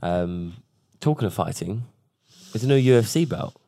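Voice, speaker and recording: A man's voice: on the low side, animated, moderate pace, vocal fry, warm tone, no room sound, studio quality. A young man co-hosting a casual chat, easygoing and trailing off with fillers.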